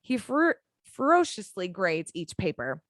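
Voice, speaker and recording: A woman reading a screenplay's action descriptions as narrator of a fan audio drama, in a dramatic, measured way. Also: medium pitch, big pitch swings, no room sound.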